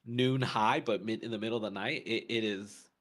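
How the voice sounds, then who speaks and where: Speaking at a moderate pace with a lowish, slightly bright voice and fairly even intonation, a podcast co-host tells a story in relaxed conversation. He stumbles through plenty of fillers and restarts.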